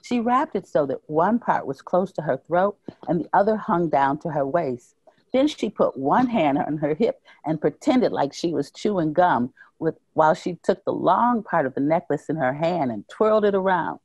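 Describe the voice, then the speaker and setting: A woman author reading her own short story aloud at a library talk, slow and measured. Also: sits low, expressive, darkish tone, slightly rough, no echo, rough recording.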